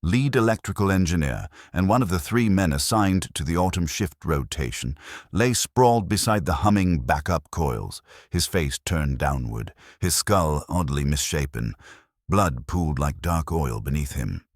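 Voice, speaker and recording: A man's voice: extremely low pitch, lively intonation, unhurried, dry recording, studio quality. A man giving dramatic, scripted audiobook narration.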